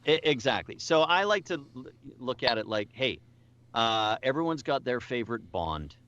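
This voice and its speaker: A man's voice: medium pitch, very animated, normal speed, fairly bright tone, lo-fi sound, slight background noise. A middle-aged man, a voice actor, chatting casually as an interview guest, with lots of restarts and self-deprecating asides.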